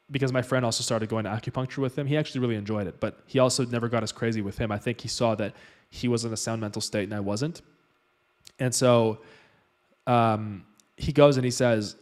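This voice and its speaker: A man's voice: medium pitch, steady tone, brisk, darkish tone. A man casually telling a personal story in a loose, chatty way, full of fillers.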